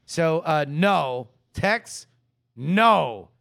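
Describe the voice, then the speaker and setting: A man co-hosting a comedy podcast, chatting casually, rambling and stammering, and quick to laugh. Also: fairly high pitch, animated, creaky, a bit bright. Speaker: podcast co-host.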